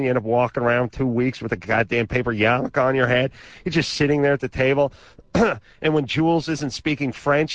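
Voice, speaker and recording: A man's voice: medium pitch, fairly bright tone, no room sound, highs cut off. A man co-hosting a call-in radio show, telling exaggerated, sarcastic stories with crude asides. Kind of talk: comedic storytelling on call-in radio. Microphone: studio microphone.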